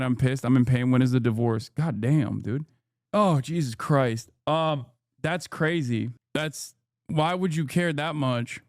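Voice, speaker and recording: A man's voice: mid-range voice, a little mellow, smooth, no room sound, clean studio sound. A man hosting a casual reaction stream, talking in a sarcastic, joking way. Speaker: streamer host.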